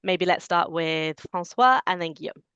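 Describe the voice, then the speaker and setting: A woman moderating an online webinar, giving clear and orderly introductions in a welcoming way. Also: on the low side, normal speed, fairly bright tone, no room sound, muffled recording. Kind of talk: scripted webinar hosting.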